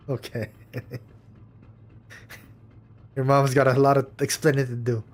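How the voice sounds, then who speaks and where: A man's voice: medium pitch, level tone, measured pace, pauses often, a little hiss or hum. Male streamer, casual playthrough chatter, playful and wry. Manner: playful, jokey asides. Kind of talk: casual game playthrough commentary.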